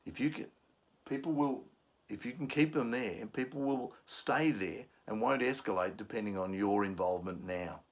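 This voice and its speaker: A man's voice: lowish voice, moderate pace. A man giving a conflict management lesson, explaining steps and acting out angry commuters. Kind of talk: instructional talk.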